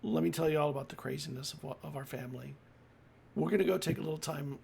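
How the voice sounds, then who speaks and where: Fussing grandma in a tabletop game, gravelly and a bit high, played by a man. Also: fast, a little mellow, slight background noise. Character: doting older grandmother.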